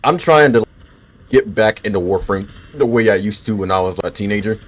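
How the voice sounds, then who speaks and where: A man in his twenties with a lowish voice gives laid-back, swear-heavy commentary while he plays a game. He chats loosely with his viewers between fights and is bothered by the hiccups. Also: brisk. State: has the hiccups. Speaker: gaming streamer. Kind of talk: casual gameplay commentary.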